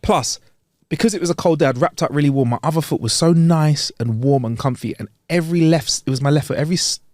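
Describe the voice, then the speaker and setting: A man, co-hosting a podcast in casual chat, animated and jokey with lots of slang. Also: on the high side, quick pace, no room sound, clean studio sound. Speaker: podcast co-host. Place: studio.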